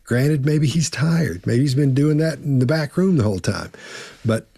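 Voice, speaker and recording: A man's voice: medium pitch, animated, moderate pace, creaky, dark tone, slightly rough, dry recording. A man in a casual panel discussion, talking emphatically and acting out imagined denials. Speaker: body language analyst.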